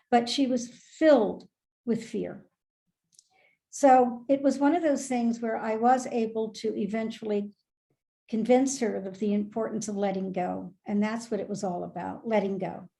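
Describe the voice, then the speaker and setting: Reflective older woman, mellow voice. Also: a little high, measured pace, creaky. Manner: reflective, candid, laughs softly. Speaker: Montessori consultant. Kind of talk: storytelling in an online town hall.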